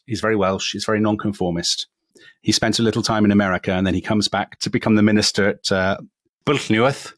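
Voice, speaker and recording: A man's voice: lowish voice, fairly bright tone, no room sound. An English man co-hosting a history podcast, telling a story in a chatty, self-deprecating way with many asides. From England. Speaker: podcast co-host.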